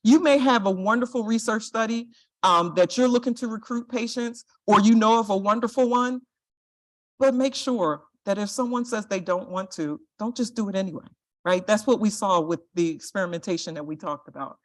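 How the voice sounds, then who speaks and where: A woman's voice: medium pitch, normal speed. Earnest woman lecturing, lots of "right?". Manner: earnest, direct, asks "right?" often. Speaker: guest speaker, compliance and privacy officer. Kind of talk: lecture presentation.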